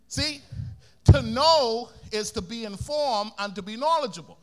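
A man's voice: very high voice, measured pace. A man from the Bahamas with a Bahamian accent, preaching a sermon energetically and calling on the congregation to repeat after him. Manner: energetic, calls for congregation responses.

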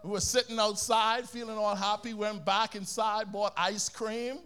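A man's voice: high-pitched, moderate pace, clear, resonant tone. A man from the Bahamas with a Bahamian accent, preaching a sermon energetically and calling on the congregation to repeat after him. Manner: energetic, calls for congregation responses.

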